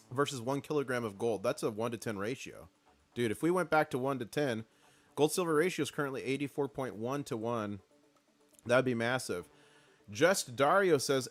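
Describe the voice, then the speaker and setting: Excitable man hosting a live stream. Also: on the high side. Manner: excitable, rallying chat, reads comments aloud. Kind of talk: casual live-stream market commentary.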